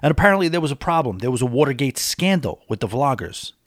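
A chatty man talks straight to camera in a casual vlog monologue, opinionated and emphatic. His voice sits at a middling pitch. The sound is close and dry, with no room echo. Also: sing-song, quick pace. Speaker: cruise vlogger.

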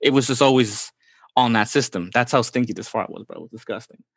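A man's voice: mid-range voice, fast, creaky, slightly rough, no room sound. A man in his forties from the Bronx, telling childhood stories in a casual, slangy way and often saying "bro". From New York, the Bronx. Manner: laid-back, slangy, says "bro" often. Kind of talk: casual storytelling chat.

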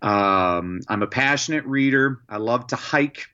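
Lively man telling anecdotes, dull sound. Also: medium pitch, unhurried. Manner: lively anecdotes, frequent "uh" fillers. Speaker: guest, educator and motivational speaker. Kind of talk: storytelling in a podcast interview.

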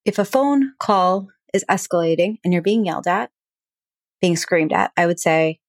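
A woman hosting an advice podcast as a relationship coach, talking calmly and plainly through examples. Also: lowish voice, normal speed, no echo, studio quality. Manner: calm, explanatory, acts out example dialogue.

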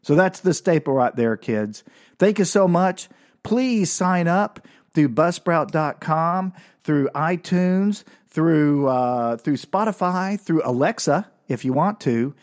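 A man's voice: fairly high pitch, animated, slow. A man hosting his own podcast, telling a childhood story in a comic, self-mocking way and laughing often. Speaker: podcast host.

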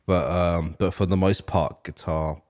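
A man with a noticeable accent and a very deep voice co-hosts a casual music podcast. He is relaxed and agreeable, filling his turns with quick yeahs as he shares band facts. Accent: non-American. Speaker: podcast co-host. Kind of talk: casual music review chat.

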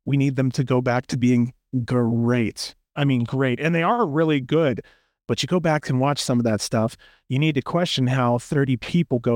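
A man's voice: mid-range voice, moderate pace, dry recording, clean studio sound. A man co-hosting a podcast, giving long opinionated rants in casual chat and acting out quotes in a raised voice. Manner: opinionated, rambling, acts out quotes. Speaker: podcast co-host.

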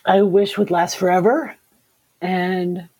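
A woman giving an earnest personal account as an interview guest. She talks haltingly and often repeats her words. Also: fairly low pitch, fairly even intonation, warm tone, husky, poor audio. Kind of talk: personal testimony in conversation.

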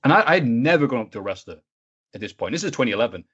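A rapid man chatting as a podcast guest. He tells anecdotes animatedly and slips into mimicking others. The audio is muffled and lo-fi. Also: medium pitch, husky. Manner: animated, acts out voices in his stories, swears. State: sick, stuffy. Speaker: interview guest, video maker. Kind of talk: casual podcast storytelling.

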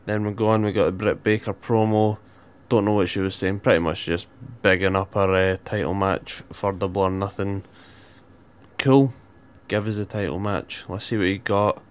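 A man's voice: on the low side, fairly even intonation, moderate pace, clean tone. A man with a Scottish accent co-hosting a casual wrestling podcast, giving dry, wry asides. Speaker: podcast co-host. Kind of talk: casual wrestling recap chat.

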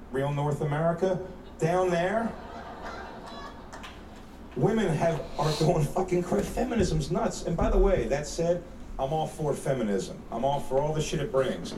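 A man's voice: fairly high pitch, darkish tone. A man doing stand-up crowd work, teasing audience members in a brash, profane way. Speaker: stand-up comedian. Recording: echoey distant stage recording with faint audience noise.

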